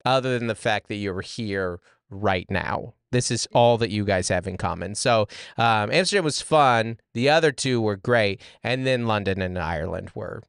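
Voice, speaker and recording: A man's voice: fairly low pitch, normal speed, vocal fry, hardly any pauses, a bit bright, smooth, dry recording, clean studio sound. A man in his thirties hosting a podcast, telling stories in a rambling way with many restarts and asides. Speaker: podcast host. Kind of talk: casual chat.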